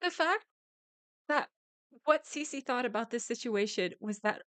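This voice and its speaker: A woman's voice: fairly high pitch, expressive, unhurried, a bit bright, dry recording. A woman streaming a live reaction, ranting angrily and swearing, with bursts of laughter.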